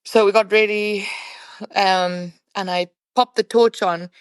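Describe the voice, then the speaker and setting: A woman who works as a professional hunting guide, a podcast guest retelling a night hunt in animated, conversational storytelling full of "you know" fillers. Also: mid-range voice, unhurried, smooth, no room sound.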